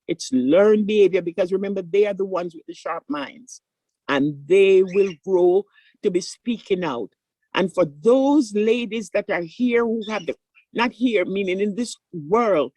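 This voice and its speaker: A woman's voice: mid-range voice, mellow. An older woman speaks on a conference panel, a surgeon telling family stories with plenty of animation. She acts out the voices of the people she quotes. The sound is dry and close, with little room echo.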